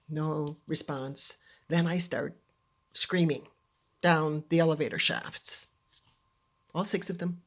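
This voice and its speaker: A woman telling a personal story to an audience in an animated, dramatic way, often dropping into hushed near-whispers. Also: sits low, measured pace, creaky, pauses often.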